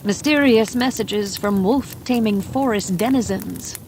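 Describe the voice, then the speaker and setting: A woman narrating a bedtime mystery audiobook in a calm, soft, unhurried manner. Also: medium pitch, slight background noise. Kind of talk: slow bedtime story narration.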